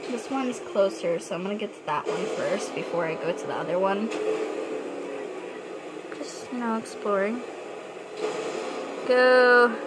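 Young gamer girl chatting to herself, slowish, lots of game noise in the back. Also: mid-range voice. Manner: chatty, excitable, talks to herself. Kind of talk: gameplay commentary. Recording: noisy game audio behind.

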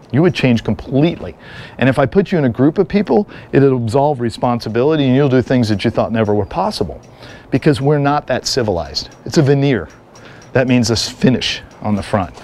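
A middle-aged man lectures at a live seminar with an energetic, joking manner. His speaking voice sits at an ordinary mid pitch, and he keeps the room engaged with stories. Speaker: firearms and martial arts instructor.

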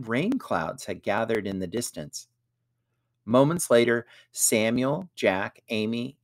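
A man narrating a storybook lesson aloud in an expressive way. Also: medium pitch, dry recording, clean studio sound. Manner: slow, expressive reading.

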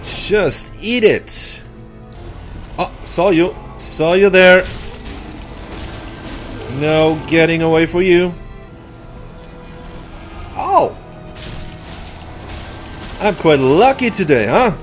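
A man's voice: high-pitched, expressive, very slow, long pauses, faint music behind. A man hosting a gameplay video, commenting sarcastically with jokey exclamations and laughs. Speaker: let's play host.

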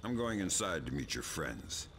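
An actor playing a grizzled male special agent who interrogates with calm, dry sarcasm in a deep gravelly voice. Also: normal speed, full character voice. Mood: menacing calm. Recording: game audio with ambient noise.

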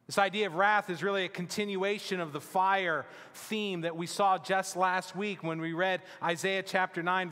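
A male pastor preaching a sermon in an emphatic, deliberate way, with his phrases often sinking to a hushed close. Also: fairly high pitch, long reverb tail. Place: church sanctuary.

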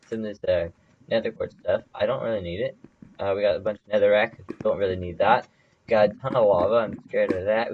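Low-voiced man rambling over gameplay. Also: background noise. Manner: rambling, filler-heavy, casual. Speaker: gaming channel host. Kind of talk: let's play commentary.

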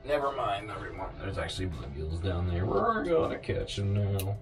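A man's voice: deep voice, moderate pace, distant mic, over music, poor audio. A man vlogging while ice fishing from a shack, chatting to viewers and cheering on the fish. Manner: excitable, talks to the fish and the viewers. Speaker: fishing vlogger and rental guide. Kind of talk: casual talk to camera while ice fishing.

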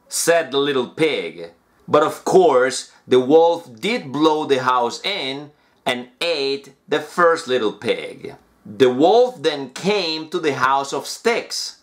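A man's voice: mid-range voice, takes it slowly. A man who speaks natively, reading a children's story aloud in English as an English teacher. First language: Spanish. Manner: lively, animated storytelling.

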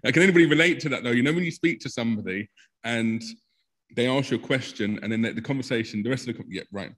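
A man's voice: mid-range voice, fast, fairly bright tone. A man from giving an informal evangelism training talk, chatty and self-deprecating. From South London.

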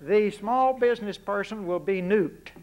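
High-voiced Texan man giving a folksy speech. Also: unhurried, dull audio. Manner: punchy, rhetorical questions, folksy asides. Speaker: guest speaker. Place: lecture forum before an audience.

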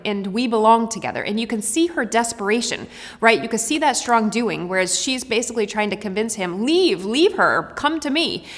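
A woman's voice: medium pitch, a bit bright. A woman acting teacher explaining a scene to students in a conversational, encouraging way. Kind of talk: lesson commentary. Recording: reverberant studio room.

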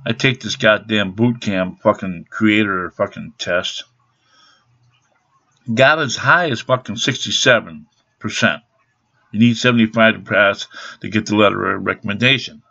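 A man's voice: on the low side, normal speed, vocal fry, pushed and bright. A man in his fifties ranting angrily to his camera, swearing constantly in a blunt, aggrieved way. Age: 50s. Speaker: vlogger. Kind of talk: angry rant to camera. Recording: dull lo-fi webcam sound.

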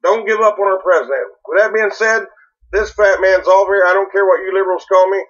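High, bright-voiced rambling man. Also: a little fast, muffled recording. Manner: rambling, repeats himself, stumbles over words. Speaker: livestream host reading viewer comments. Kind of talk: casual political livestream talk.

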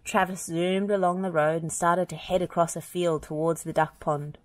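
Woman, children's read-aloud narrator, gentle, expressive, lowish voice. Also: normal speed. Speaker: storybook reader.

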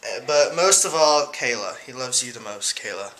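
A teenage guy rambling through shout-outs in a casual vlog at home, giggling and hesitant. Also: mid-range voice, animated, normal speed. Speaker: vlogger. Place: room at home.

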